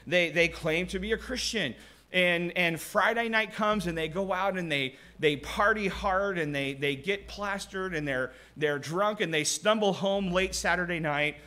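A man's voice: sits high, a little slow, sharp tone. A man preaching a conversational sermon, asking rhetorical questions and acting out short quoted voices.

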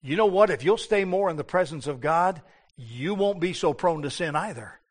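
Male preacher, high-pitched, fervent sermon delivery with dramatic hushes. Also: expressive, normal speed. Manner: impassioned, shifting between hushed and loud, acts out biblical voices.

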